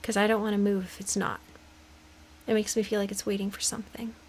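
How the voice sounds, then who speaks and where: A woman's voice: mid-range voice, level tone, fast, slight background noise, poor audio. A young woman casually commenting as she plays a creepy game, chatty and jokey, dropping into nervous whispers. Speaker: gaming video host.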